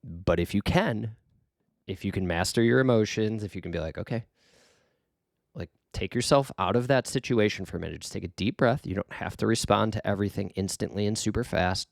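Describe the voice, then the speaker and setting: Earnest low-voiced man, gravelly and dry. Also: brisk, no room sound. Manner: earnest, rambling, with many fillers and restarts. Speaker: podcast host giving life advice. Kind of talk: casual reflective monologue.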